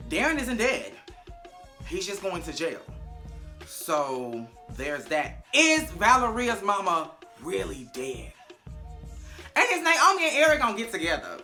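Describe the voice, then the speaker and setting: Animated, foul-mouthed young woman recapping TV. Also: lowish voice. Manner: animated, profane, acts out scenes with big vocal swings. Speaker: TV recap vlogger. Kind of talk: casual recap commentary to camera.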